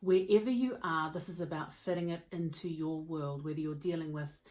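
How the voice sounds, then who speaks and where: A mental health speaker and educator gives a motivational talk, telling stories expressively and conversationally. Her voice is low-pitched and her pace brisk.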